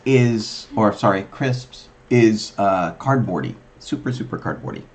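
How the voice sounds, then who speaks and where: A woman co-hosting a livestream and chatting casually, wry and animated, often restarting her sentences. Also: extremely low pitch, unhurried. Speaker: livestream co-host. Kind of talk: casual chat.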